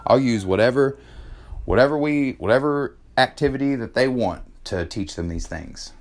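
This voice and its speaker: A man's voice: medium pitch, animated, moderate pace, a little hiss or hum. A man in his thirties talking in a casual monologue about parenting, passionate, cursing freely and filling with "man". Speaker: podcast host.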